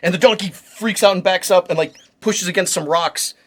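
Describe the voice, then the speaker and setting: A man retells a story to a friend in a slightly raised, bright voice. He is animated and casual, swears freely and laughs often. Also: high voice, moderate pace. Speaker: podcast host.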